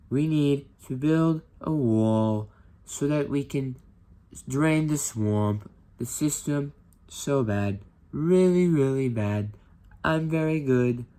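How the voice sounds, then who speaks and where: A man puts on a blustering, boastful older politician who hammers the same short phrases again and again. The voice is pushed higher than the speaker's own and comes out louder. Every word is drawn out slowly and emphatically. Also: lightly acted. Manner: slow, emphatic, repetitive boasting.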